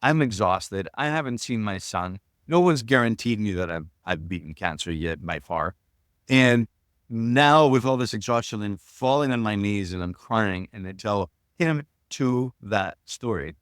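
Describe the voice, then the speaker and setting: Earnest older man, low voice. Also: a little slow, fairly bright tone, smooth, no room sound, studio quality. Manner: earnest, reflective, with frequent restarts. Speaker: guest, shamanism teacher. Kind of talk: personal storytelling in an interview.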